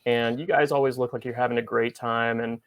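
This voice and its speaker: A male host with a middle-pitched, gravelly voice guides a casual interview. He speaks in a measured, affirming way, using plenty of fillers. The sound is dry, as if he sits close to the mic in a deadened room. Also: level tone, no echo.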